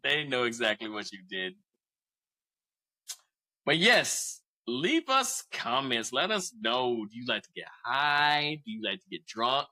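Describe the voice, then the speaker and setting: A man's voice: medium pitch, very animated, a little slow, pushed and bright, low-quality recording. A man in his forties casually telling a profane story as a podcast co-host, often laughing.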